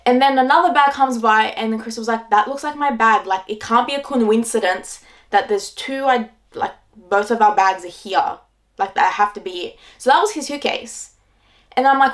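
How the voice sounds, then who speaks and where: Her voice sits a little high and moves at a moderate pace. She's a twenty-something Australian vlogger chatting to camera about her travels, leaning heavily on "like" as a filler.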